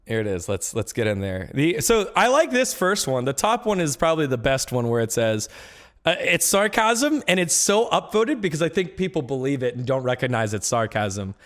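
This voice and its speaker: A man's voice: medium pitch, sing-song, moderate pace, a bit bright. A man co-hosting a podcast in casual chat, who reads posts aloud and gives dry comments on them. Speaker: podcast co-host.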